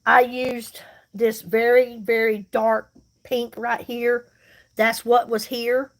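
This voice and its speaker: Doing her makeup live, this host and seller talks slowly in a slightly high voice that barely moves in pitch. She chats with her viewers in a homey, comforting way.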